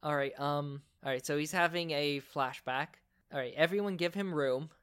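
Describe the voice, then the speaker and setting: A man voicing a caring adult man on a phone call, talking someone through a panic in a calm, firm, reassuring way. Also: on the high side, normal speed, smooth, dry recording, close to an everyday voice. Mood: urgent.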